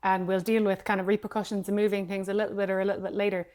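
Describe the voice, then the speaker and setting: A woman's voice: medium pitch, flat delivery, racing, darkish tone. A woman co-hosting a podcast, giving practical advice in casual chat. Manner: practical, explains in detail. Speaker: podcast co-host.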